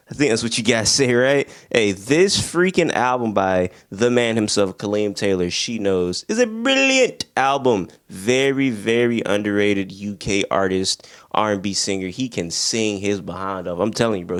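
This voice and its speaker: A young man talks through his favorite records with loose, slangy excitement, laughing and singing snippets as he goes. His voice sits a little low, and the recording is dry and close. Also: no room sound. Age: young adult. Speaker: music reviewer, channel host. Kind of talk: casual album review.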